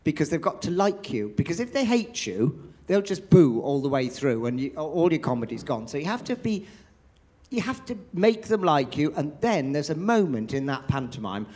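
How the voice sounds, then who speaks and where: A man's voice: fairly high pitch, normal speed. An older man, a veteran pantomime performer, telling theatre stories in an interview and acting out the voices he quotes. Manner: animated storyteller, acts out quoted voices. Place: theatre after a show.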